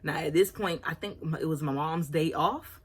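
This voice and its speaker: Woman, about 30, low husky voice, candid and chatty vlog storyteller. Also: moderate pace. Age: around 30. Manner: candid, chatty, apologizes for oversharing. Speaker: vlogger.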